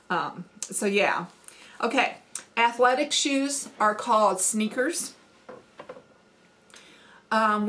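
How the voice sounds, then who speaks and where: A woman's voice: mid-range voice, fairly bright tone. Folksy Midwestern woman chatting. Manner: chatty, folksy, frequent ums and laughs. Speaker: homesteading vlogger. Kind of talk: casual accent challenge chat.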